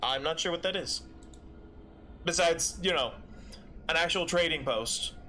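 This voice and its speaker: A slightly high, pushed and bright male voice moves at a measured pace against slight background noise. The speaker is streaming a game, chatting casually in a meandering way, with frequent fillers and restarts.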